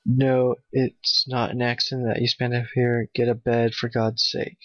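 A man giving nervous, excitable let's play commentary, talking to his in-game dog. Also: mid-range voice, unhurried, no room sound. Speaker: gamer playing a Minecraft map. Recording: dull, dry home mic.

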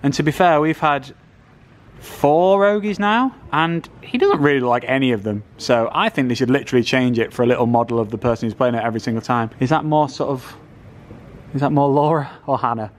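A young man hosting a casual behind-the-scenes vlog, chatty and jokey with quick asides. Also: mid-range voice. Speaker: vlog host.

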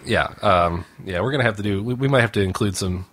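A man's voice: on the low side, fast, fairly bright tone, a little hiss or hum. A man co-hosting a podcast, reading out news stories and joking in an easygoing, dry way. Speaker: podcast co-host. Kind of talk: casual joking news chat.

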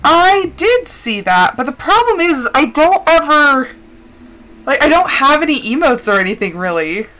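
Lively, high-voiced woman streamer chatting. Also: moderate pace. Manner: chatty, rambling, frequent "like" fillers. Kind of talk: casual gameplay chat.

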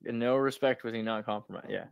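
A man's voice: mid-range voice, quick pace, creaky, clear, resonant tone, no room sound, dull audio. Agreeable man chiming in, dry sound. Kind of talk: casual chat.

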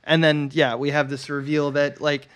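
Man, co-host, smooth clear voice, slightly high, casual recap. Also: moderate pace. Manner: relaxed recapping with frequent fillers. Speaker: podcast co-host. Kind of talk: casual film discussion.

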